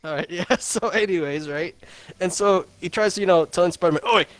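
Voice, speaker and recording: A man's voice: high voice, a little fast, no room sound. A young man co-hosting a podcast, rambling through a movie recap, swearing and laughing. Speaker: podcast co-host. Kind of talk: casual movie review chat.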